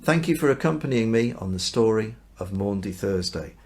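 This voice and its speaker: A man, a minister reading and explaining a Bible passage in a chatty, informal way, jumping into high, agitated voices for the people in the story. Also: expressive, normal speed, a little mellow. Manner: acts out the voices of the story with sudden high outbursts; conversational and informal. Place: church or home during lockdown.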